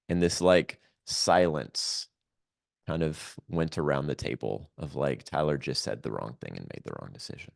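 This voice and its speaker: A man, a podcast guest, telling a painful personal story in a reflective, halting way with many pauses. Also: extremely low pitch, vocal fry, no room sound, clean studio sound.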